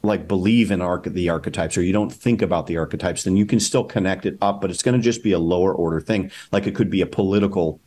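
A man's voice: deep voice, quick pace, hardly any pauses, a little mellow. A male documentary filmmaker talking casually as an interview guest, thinking aloud with many fillers and restarts. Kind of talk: casual conversation.

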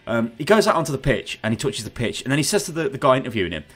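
A man hosting a gaming podcast over voice chat, ranting in an animated, sarcastic way. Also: medium pitch, rapid-fire. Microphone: headset on voice chat.

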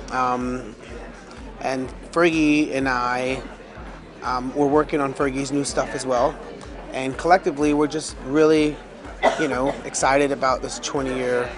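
American guy ums his way through an interview, music going loud behind him. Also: medium pitch. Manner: hesitant, lots of ums and restarts. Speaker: talent show judge. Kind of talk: casual press interview.

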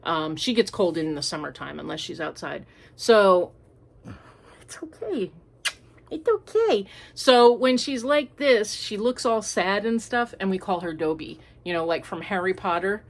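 Speaking from home, a woman hosts a homemade crafting podcast and chats casually in a lowish, creaky voice at a moderate pace with few pauses. Her talk is easygoing and unscripted, full of fillers as she rambles and wanders through her thoughts.

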